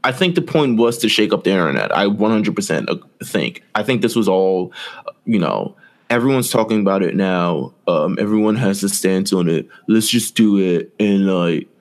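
A man's voice: low voice, normal speed. A man co-hosting a wrestling podcast, giving emphatic opinions in casual chat and repeating himself for effect. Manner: emphatic, repetitive, animated opinions. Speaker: podcast co-host.

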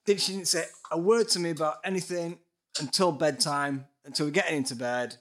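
A man's voice: a little high, a little fast. A man, a guest musician telling a ghost story in casual podcast chat, swearing and laughing often.

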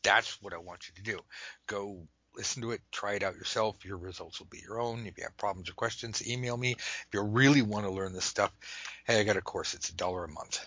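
Husky, animated male podcast host. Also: on the low side, fairly quick, no room sound, lo-fi sound. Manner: animated, drops to a whisper for asides. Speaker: podcast host and tarot teacher. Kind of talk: ranting podcast talk. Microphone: internet call microphone.

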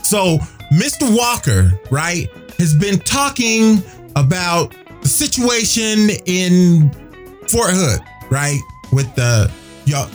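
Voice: mid-range voice, big pitch swings, slow, faint music behind. A radio host chatting casually on air, emphatic and preachy, repeating phrases for effect.

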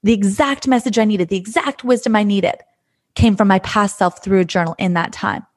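A woman's earnest, gentle voice, speaking as a life coach in a reflective monologue. She circles back on her own phrases, repeating words as she thinks aloud. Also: medium pitch, a little fast.

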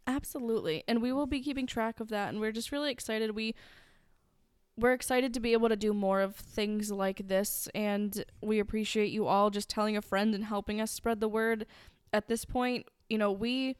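A woman's voice: medium pitch, steady tone, moderate pace, smooth, dry recording. Chatty, playful woman podcast co-host. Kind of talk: casual podcast chat.

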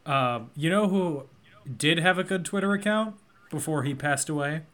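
A man hosting a casual film podcast, leading the segments in a measured, dry way. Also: on the high side, fairly bright tone. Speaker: podcast host.

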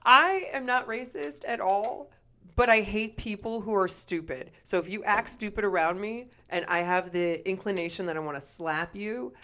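A young woman co-hosting a casual podcast, blunt and quick to rant, with profanity in nearly every sentence. Her voice sits at an ordinary middle pitch for a woman, and her delivery is loose and conversational. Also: fairly bright tone. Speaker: podcast co-host. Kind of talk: casual chat.

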